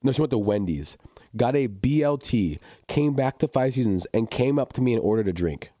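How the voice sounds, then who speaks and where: A man's voice: medium pitch, animated, brisk, mellow, no echo, studio quality. A young man telling a work story in casual chat, rambling with many restarts and laughs. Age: young adult.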